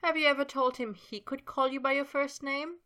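A woman's voice: high voice, steady tone, moderate pace, voice pushed up. A woman playing a cheery, kind young hostess. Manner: bright and cheery.

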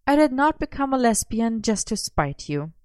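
A woman's voice: on the high side, normal speed, no echo, pitched above the performer's own voice. A woman reading aloud, voicing a dry, sardonic young woman. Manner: dry, deadpan.

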